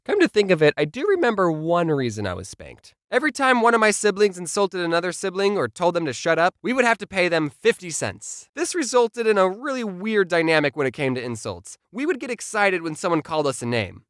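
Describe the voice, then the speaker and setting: A young man telling comedic childhood stories in a sarcastic, animated scripted style. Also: high voice, fairly quick, few pauses, no room sound, studio quality. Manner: sarcastic, animated, jumps between voices. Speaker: comedy YouTuber.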